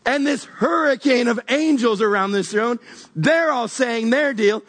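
A man with a husky, breathy voice set high for a man preaches in a relaxed, conversational way. He is animated and often repeats words as he searches for the right image. It sounds like an everyday sermon talk. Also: normal speed. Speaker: pastor.

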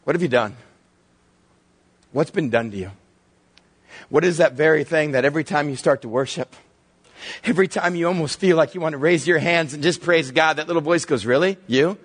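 Male pastor, higher-pitched husky voice, lively storytelling sermon with hushed drops. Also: fairly quick, pauses often. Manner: animated storytelling, drops to hushed low tones for emphasis.

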